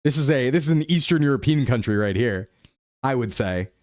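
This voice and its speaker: A young adult man streaming a game live, chatting playfully with his chat and thinking his guesses out loud. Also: mid-range voice, lively intonation, fairly quick, no echo, clean studio sound. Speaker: VTuber streamer. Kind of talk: live-stream gameplay commentary.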